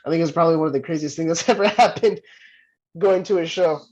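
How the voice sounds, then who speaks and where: A man from Southern California, a pro wrestler guest, telling a story in casual chat, animated, laughing often and restarting his sentences. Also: fairly high pitch, quick pace. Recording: muffled lo-fi sound.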